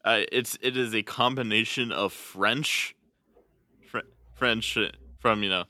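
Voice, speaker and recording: Unhurried and steady in tone, a podcast co-host chats casually in a very low voice that still rings strikingly bright and forceful. He keeps it playful with frequent laughter and the odd verbal trip.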